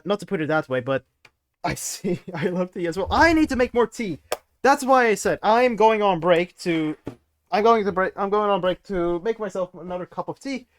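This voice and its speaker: A man streaming a game live, chatting to viewers with frequent laughter and excitable outbursts. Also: sits high, dry recording. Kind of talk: live gameplay commentary.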